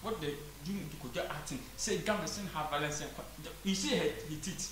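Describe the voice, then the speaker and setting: A man's voice: on the high side, a little fast, a crowd in the background. A Ghanaian man being interviewed, speaking earnestly and pleading, switching between English and Twi. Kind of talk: casual interview. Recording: echoey room with faint noise.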